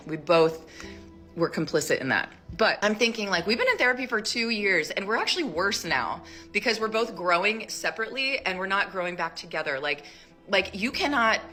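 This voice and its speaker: A woman in her thirties tells a personal story in a casual, rambling way, leaning on "like" constantly. Her voice sits fairly low, but she jumps up sharply when acting out what people said. Soft music plays faintly behind her. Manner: chatty, rambling, heavy use of "like"; acts out quoted lines with sharp jumps up in pitch. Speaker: storyteller in a social media clip.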